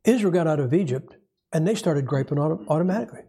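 A man's voice: expressive, quick pace, mellow, breathy edge. A man preaching a sermon in a folksy, conversational way, acting out quoted voices and asking the congregation questions. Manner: folksy, conversational, acts out quotes with rising pitch.

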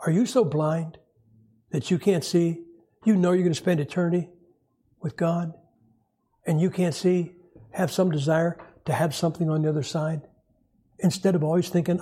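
Husky storytelling preacher man. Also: on the high side, moderate pace, pauses often. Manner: storytelling preacher, animated and wry. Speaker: pastor. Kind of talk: sermon.

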